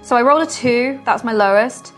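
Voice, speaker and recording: A woman playing a tabletop game, animated and laughing as she counts her dice rolls. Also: fairly high pitch, soft background music. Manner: animated, laughing, quick asides. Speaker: player. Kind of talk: casual tabletop game play.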